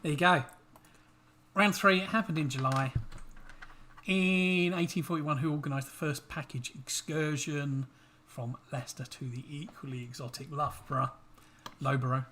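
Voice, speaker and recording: A man's voice: a little high, steady tone, normal speed, sharp tone, slight background noise. A man hosting a casual online quiz night, reading questions aloud and teasing his co-host between them. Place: home livestream.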